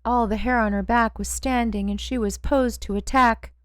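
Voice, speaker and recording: A woman narrating a first-person audiobook in a slow, measured way. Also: fairly high pitch, fairly even intonation, dry recording.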